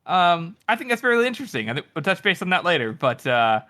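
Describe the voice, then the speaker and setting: A man's voice: sits high, very animated, fast, bright, forceful tone. A married man co-hosting a book podcast, talking casually and hesitantly, trailing off and humming as he thinks. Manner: hesitant, with restarts and thinking-aloud hums. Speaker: podcast co-host. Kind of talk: casual chat.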